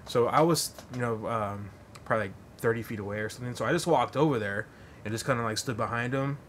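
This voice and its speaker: A man's voice: medium pitch, quick pace, fairly bright tone, a little hiss or hum. A man hosting a podcast, telling a long story in a rambling, profane way full of fillers. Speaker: podcast host. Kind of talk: casual storytelling.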